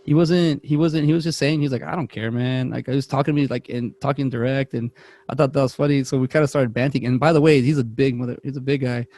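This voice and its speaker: A man's voice: mid-range voice, fairly even intonation, quick pace, darkish tone, no room sound. A young man, co-host of a podcast, telling rambling stories in casual chat and acting out the voices of people he quotes. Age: young adult.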